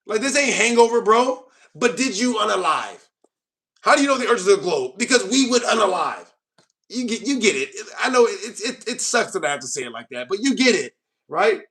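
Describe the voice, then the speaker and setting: High-voiced American man riffing on comments. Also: big pitch swings, a little fast, a bit bright. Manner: joking, mock-offended, calls viewers bro. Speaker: host. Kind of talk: casual livestream chat reading comments.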